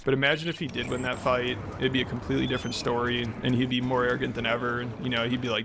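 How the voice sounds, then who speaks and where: Flat, gravelly, mocking male commentator. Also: mid-range voice, fast, few pauses, noisy background. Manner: sarcastic, mocking. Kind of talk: scripted commentary. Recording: voice-over with loud music under it.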